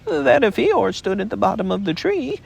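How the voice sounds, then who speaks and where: A man's voice: high voice, big pitch swings, moderate pace, creaky, slightly rough, voice pushed up, exaggerated voice. A man voicing a tiny, timid young male piglet who speaks earnestly and meekly. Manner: earnest, meek and hesitant.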